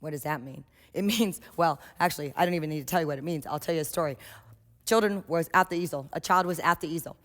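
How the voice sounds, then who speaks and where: A woman giving a workshop lecture on children's art, lively and storytelling, often acting out quotes. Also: deep voice, fast. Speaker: early childhood art trainer. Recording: echoey hall.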